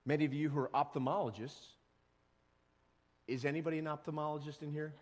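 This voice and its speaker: A man preaching a sermon as pastor, animated, acting out short voices and quotes. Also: a little high, fairly quick, in a large hall. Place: church sanctuary.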